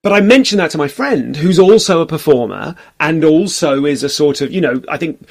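A man in his forties talks loosely as a podcast guest, with a voice a little high for a man. He wanders through his stories, pokes fun at himself and slips into brief impressions of the people he quotes. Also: animated, a little fast, vocal fry. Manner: rambling, self-deprecating, acts out quoted voices. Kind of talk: casual podcast conversation.

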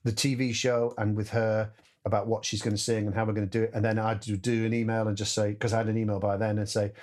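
A man's voice: on the low side, fairly quick. A man, a musical director chatting casually as a guest and acting out voices and sounds in his stories. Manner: animated storyteller, acts out voices and sounds. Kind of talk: casual anecdotal chat.

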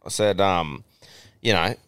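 A man's voice: low-pitched, measured pace, a bit bright, clean tone, no echo. A young Australian man co-hosting a casual podcast, telling stories with lots of swearing and laughter. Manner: swears freely, laughs often, tells stories. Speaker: podcast co-host. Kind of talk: casual chat.

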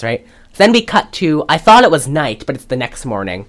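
A woman's voice: sits low, sing-song, moderate pace, faint music behind. A woman co-hosting a podcast, retelling a movie in a loose, rambling way full of fillers. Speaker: podcast co-host. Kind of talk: casual movie recap chat.

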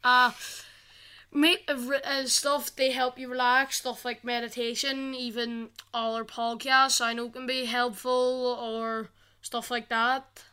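Smooth, flat-voiced teen girl. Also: fairly high pitch, takes it slowly. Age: teenager. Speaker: youth podcast co-host. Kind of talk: reading an episode overview.

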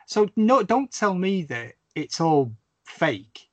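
A man in casual podcast chat, telling stories animatedly with lots of swearing and swooping pitch. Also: takes it slowly, no echo. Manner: animated, sweary storyteller with big pitch swings. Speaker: podcast guest or co-host.

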